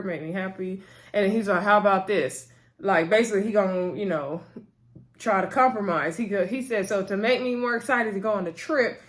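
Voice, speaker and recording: A woman chatting casually as she recaps a TV episode, retelling scenes in quoted back-and-forth with sassy asides. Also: mid-range voice. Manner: sassy asides addressing cast as "girl". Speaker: TV recap vlogger.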